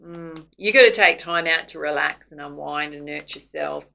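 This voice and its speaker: A woman's voice: sits low, normal speed, creaky, pushed and bright, poor audio. A woman doing a casual tarot reading to camera, chatty and laughing often. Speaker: psychic tarot reader.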